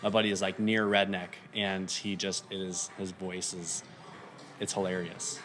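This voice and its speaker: His voice sits low and moves at a moderate pace, with slight background noise behind it. This thirtysomething man, whose Minnesota accent is faint, rambles casually as a podcast guest and leans on plenty of "um"s.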